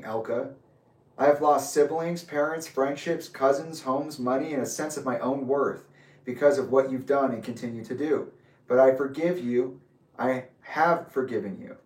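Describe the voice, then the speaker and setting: A man reading his own letter aloud with asides, in a measured, deliberate way. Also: mid-range voice, darkish tone. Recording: roomy echo, distant from mic.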